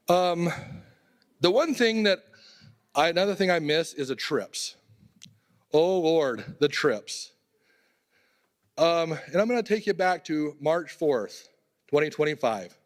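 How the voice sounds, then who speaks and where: A man giving a eulogy at a memorial, telling casual, conversational personal stories. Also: fairly high pitch. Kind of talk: storytelling eulogy. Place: temple hall.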